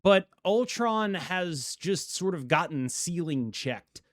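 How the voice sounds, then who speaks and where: A man hosting a casual chat, talking fast and animated, with quick laughs. His voice sits a little high, and the sound is dry and close. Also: dry recording. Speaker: host. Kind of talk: casual chat about card game art.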